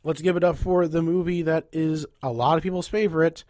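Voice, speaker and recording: A man's voice: a little high, steady tone, brisk, darkish tone, dry recording, clean studio sound. A young man with a nasal voice hosting a casual, rambling podcast where he ranks movies. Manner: chatty, rambling, upbeat. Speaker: podcast host.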